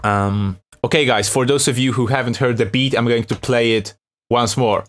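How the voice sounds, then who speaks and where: A young Polish man hosts a live music-production stream in English. He speaks with a Polish accent and a mid-pitched voice, chatting loosely, greeting viewers and laughing often as he reads their messages out. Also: fairly even intonation, normal speed. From Poland. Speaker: beat-making livestream host. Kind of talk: casual live-stream chat.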